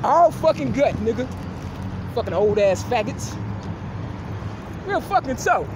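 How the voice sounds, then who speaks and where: A high-pitched woman shouts a loud, confrontational, profane rant. She repeats her taunts over and over. The recording is made outdoors, with traffic and car noise clearly audible behind her. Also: very animated, a little slow. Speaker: vlogger. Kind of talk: angry street rant.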